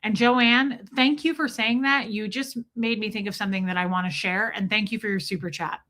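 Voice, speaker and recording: Middle-aged woman chatting on her livestream, bright clear voice, shares everything. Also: medium pitch, fairly even intonation, fairly quick. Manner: chatty and confiding, greets viewers by name. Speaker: livestream host. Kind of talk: casual livestream chat.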